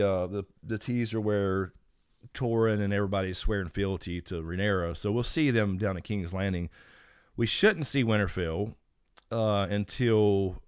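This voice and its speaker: A man's voice: fairly low pitch, smooth, dry recording, studio quality. A man hosting a casual live stream Q&A, rambling with frequent fillers as he greets chat names. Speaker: YouTube channel host. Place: home.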